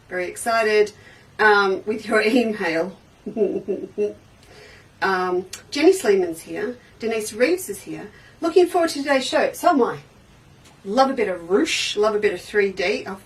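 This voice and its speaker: A woman's voice: medium pitch, far from the mic, low-quality recording. A woman hosting a casual quilting livestream, chatty and bubbly, greeting viewers one by one by name. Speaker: livestream quilting show host.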